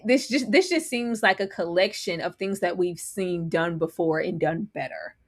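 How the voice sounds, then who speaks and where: Animated woman recapping a TV episode. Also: fairly low pitch, normal speed. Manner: animated, laughs often, acts out reactions. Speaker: co-host. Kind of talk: casual TV recap chat.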